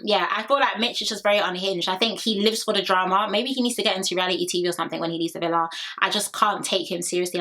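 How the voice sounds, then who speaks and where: A woman's voice: mid-range voice, pushed and bright. A young woman casually recapping a reality show, opinionated and gossipy, laughing often.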